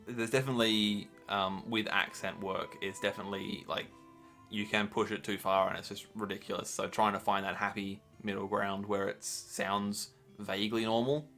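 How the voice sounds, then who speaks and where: A man's voice: lowish voice, flat delivery, normal speed, bright, forceful tone, soft background music. A man acting as game master, chatting casually about the campaign with frequent ums.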